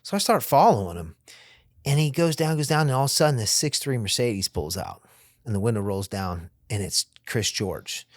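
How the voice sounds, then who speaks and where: A man's voice: medium pitch, sing-song, moderate pace, no echo, clean studio sound. A man as a podcast guest, telling a story in casual, profane talk and acting out what others said. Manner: profane, vivid storyteller acting out quoted dialogue.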